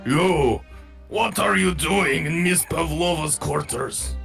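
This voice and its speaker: A man's voice: a little high, slow, vocal fry, a bit bright, faint music behind, exaggerated voice. A man voicing a brash man on a ship in an amateur game voice-through, with blunt, abrupt lines. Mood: alarmed.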